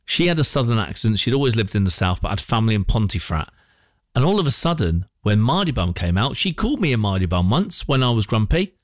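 A man presenting a breakfast radio show from a studio, chatting and telling a story with animated voices. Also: lowish voice, fast, dry recording. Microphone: studio microphone.

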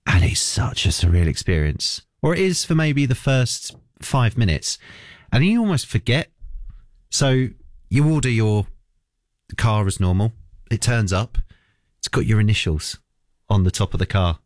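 A man who presents a breakfast radio show, chatting casually in the studio and telling a story in an animated way. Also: fairly low pitch, normal speed, no echo.

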